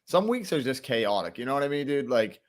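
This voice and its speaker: A man's voice: medium pitch, sing-song, a little fast. A man co-hosting a casual live show, laid-back and easygoing, often saying "dude" and "man". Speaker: co-host. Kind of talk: casual chat.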